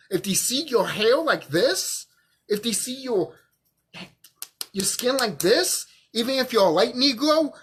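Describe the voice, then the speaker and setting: A man's voice: high voice, fairly bright tone, husky. A drunk man, stuttering a little, delivering a profane, emphatic monologue to camera as a vlogger and repeating himself for force.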